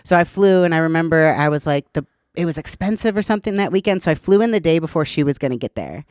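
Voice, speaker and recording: Candid, chatty woman with a smooth voice. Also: sits low, lively intonation, fast, a little mellow, no room sound, studio quality. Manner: chatty, candid, swears casually. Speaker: podcast guest. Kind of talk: casual storytelling interview.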